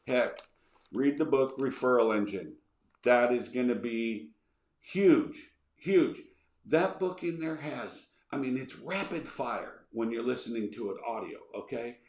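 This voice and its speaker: A man's voice: mid-range voice, a little slow, reverberant. A man hosting a podcast, answering listener questions in a casual, rambling way, often repeating himself and checking in with "okay". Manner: energetic, repeats words, says okay a lot.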